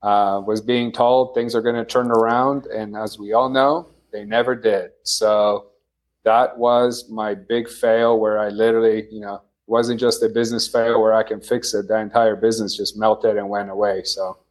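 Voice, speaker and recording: A man from Poland, a company founder, answering interview questions in a relaxed, measured way with many fillers. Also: lowish voice. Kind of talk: casual interview.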